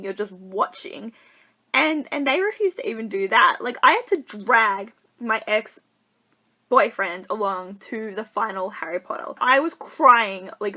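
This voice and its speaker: A young woman talking straight into her camera in a loose, rambling way, full of "like" and playful voices for the people she quotes. Her voice is bright and sits a bit high. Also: low-quality recording. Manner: chatty, full of likes, acts out quoted people. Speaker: vlogger. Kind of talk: casual advice vlog.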